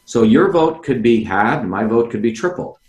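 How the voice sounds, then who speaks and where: A man's voice: medium pitch, lively intonation, moderate pace, darkish tone, echoey room. A man guest on a video call, explaining insistently, asking rhetorical questions and addressing the host by name. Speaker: interview guest, former candidate.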